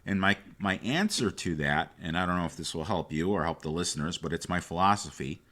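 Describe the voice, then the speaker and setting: A podcast host, a man with a very low-pitched voice, talks in a relaxed interview tone. He reflects on the guest's points at some length, then steers toward wrapping up. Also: fairly quick. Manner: brief affirmations, then reflective. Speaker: podcast host, firearms instructor. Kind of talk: casual interview.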